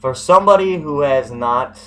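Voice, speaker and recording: A man's voice: a little high, animated, moderate pace, fairly bright tone, poor audio. A young man ranting profanely into the camera in a vlog, swearing heavily and switching between anger and praise for a friend. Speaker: vlogger.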